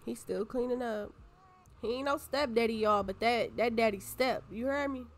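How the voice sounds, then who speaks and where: A woman's voice: fairly high pitch, moderate pace. Sassy young woman commenting on gameplay. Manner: sassy, playful, voices her game characters. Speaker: gaming YouTuber.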